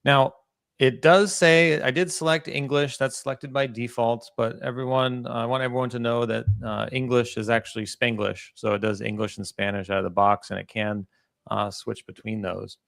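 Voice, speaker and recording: A man hosting a live software demo in a relaxed, chatty way, with plenty of fillers. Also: medium pitch, normal speed, vocal fry, dry recording, studio quality. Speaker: host presenting a product demo. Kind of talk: casual live demo talk.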